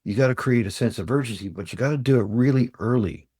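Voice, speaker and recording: A man's voice: mid-range voice, fast, darkish tone, breathy edge, no room sound, studio quality. An older man from Ontario, Canada, a sales trainer telling plain-spoken customer stories as a podcast guest. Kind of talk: storytelling interview talk.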